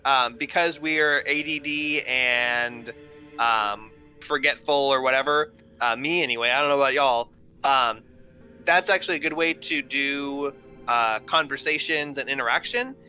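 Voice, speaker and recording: Bright-voiced man running a tabletop game. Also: mid-range voice, measured pace, clean tone, soft background music. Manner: rambling, filler-heavy, laughs often. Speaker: game master.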